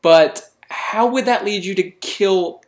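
A man's voice: high-pitched, slow. A man co-hosting a podcast in casual chat, blunt and opinionated with a joking edge. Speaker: podcast co-host.

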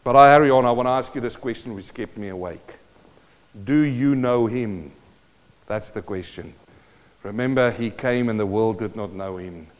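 A man's voice: mid-range voice, normal speed. A man preaching a sermon, quoting scripture and building emphatically in intensity. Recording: long reverb of a large hall.

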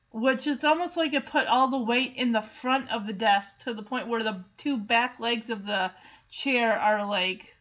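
A woman's voice: fairly high pitch, a bit bright, lo-fi sound. A woman casually recapping a TV episode, chatty and giggly as she tells it. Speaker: show recapper.

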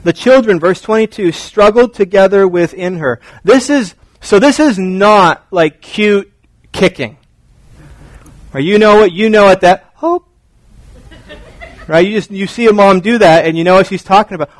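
A man's voice: high voice, normal speed, dry recording, poor audio. A man preaching a sermon as a pastor, joking and acting out scenes as he talks. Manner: animated, joking, acts out scenes.

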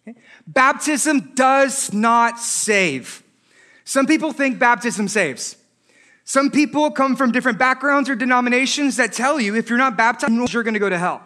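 A married man preaching a sermon as pastor, animated, with joking asides and rhetorical questions. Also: very high voice, normal speed. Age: adult, married.

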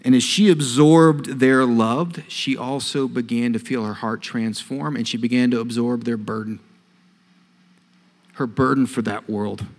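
A male pastor preaches in earnest at a middle pitch, telling a story and rising in force on the phrases he stresses. His voice rings with the long reverb of a large hall. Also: steady tone, measured pace. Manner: earnest storytelling, swells louder on key phrases. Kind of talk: sermon.

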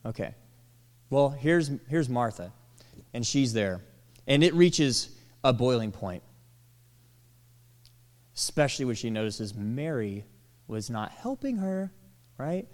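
A man preaching a sermon, animated, acting out quoted lines and dropping to soft, tender tones. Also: mid-range voice, takes it slowly, long pauses. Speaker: pastor. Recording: long hall reverb.

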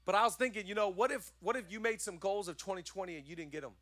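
A man preaching a sermon with a notably high voice, pressing the same encouragement again and again. He slips easily into chatty, joking asides. The sound is close and dry. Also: fast, dry recording. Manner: energetic, repetitive exhortation. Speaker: pastor.

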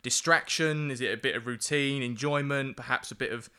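A man's voice: mid-range voice, steady tone, fairly quick, pushed and bright, clear, resonant tone. A young man hosting a podcast, reading a scripted intro and then chatting and teasing his guest in a friendly way. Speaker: podcast host.

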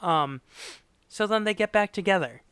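Man, podcast host, higher voice, bright and smooth, casual retelling, acts out quotes, dry sound. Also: moderate pace, dry recording. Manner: animated storyteller, acts out quotes, laughs often. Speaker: podcast co-host recapping a sitcom. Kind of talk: casual chat.

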